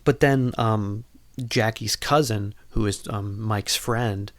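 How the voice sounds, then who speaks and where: A man with a fairly low voice hosts a podcast and recaps a movie in a loose, casual way. He rambles along, packing his sentences with "like" and "you know". His tone stays jokey and irreverent. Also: slow pace, a bit bright. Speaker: podcast host.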